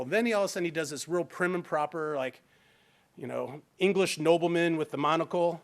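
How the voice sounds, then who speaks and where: A man's voice: on the high side, a little fast. Chatty man leading a training workshop. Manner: chatty, conversational, informal. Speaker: fair housing trainer. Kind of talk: workshop lecture. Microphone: handheld microphone.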